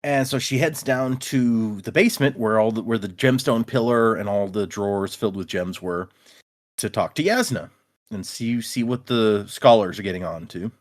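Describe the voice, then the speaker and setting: A man's voice: on the low side, moderate pace. A man co-hosting a podcast in a casual book chat, acting out the characters' lines. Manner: animated, acts out characters' lines. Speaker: podcast co-host.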